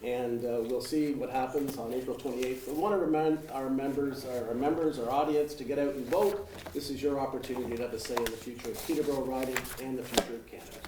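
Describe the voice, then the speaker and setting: A man moderating a televised debate in a studio, relaxed and dotted with filler uh's. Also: medium pitch, quick pace, hardly any pauses. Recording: echoey, distant mic, faint noise.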